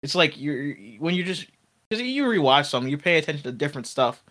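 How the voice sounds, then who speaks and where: A man's voice: fairly high pitch, big pitch swings, fast, a bit bright. A man co-hosting a laid-back review podcast. He talks loosely and rambles, leaning on "like" in nearly every sentence. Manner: loose, rambling, heavy use of "like". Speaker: podcast co-host. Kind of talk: casual review chat.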